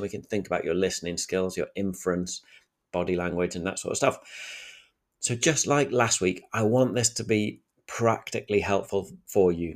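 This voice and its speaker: A man's voice: low voice, darkish tone. A man talking through practical communication tips in a solo podcast, shifting his pace and volume to demonstrate each point. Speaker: communication coach.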